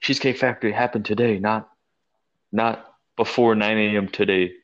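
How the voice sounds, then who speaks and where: Male podcast co-host, lower voice, animated profane storyteller, dull lo-fi sound. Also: moderate pace. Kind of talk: casual storytelling chat.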